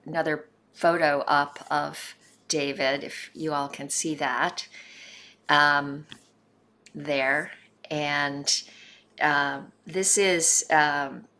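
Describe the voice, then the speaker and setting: A woman hosting an online memorial gathering over a video call, reading tributes aloud in an unhurried way with soft trailing asides. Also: deep voice. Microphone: video call microphone.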